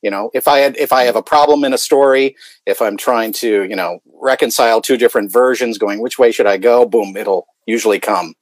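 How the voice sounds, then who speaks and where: A man talking in a relaxed, halting way, stumbling over the first words of his sentences. His voice sits at an ordinary middle pitch. It sounds close and dry, with no room around it. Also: no room sound. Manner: halting, repeats words when starting sentences. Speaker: audiobook narrator guest. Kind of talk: casual video-call chat.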